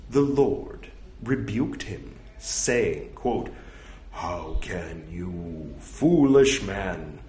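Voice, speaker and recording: A man reads old scripture aloud at a slow, unhurried pace, his pitch swinging widely as he goes. He speaks every quotation mark and parenthesis and drops in joking asides. The recording rings with the echo of a roomy space. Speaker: scripture reader. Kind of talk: reading a religious text with casual asides. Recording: echoey room.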